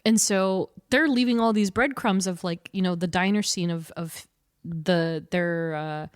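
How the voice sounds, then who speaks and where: Animated woman chatting, dry close sound. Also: fairly low pitch, a little slow, smooth, no room sound. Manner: animated, laughs often, acts out quotes with loud outbursts. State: short on sleep. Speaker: podcast co-host. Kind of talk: casual chat.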